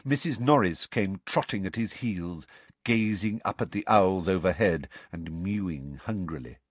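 A man narrating an audiobook in an expressive storytelling manner. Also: deep voice, a little slow, husky, no echo.

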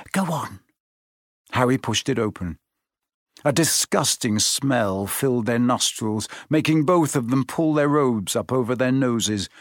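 A man narrating a children's fantasy storybook in an even, measured reading. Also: mid-range voice, dry recording, studio quality. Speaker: audiobook narrator.

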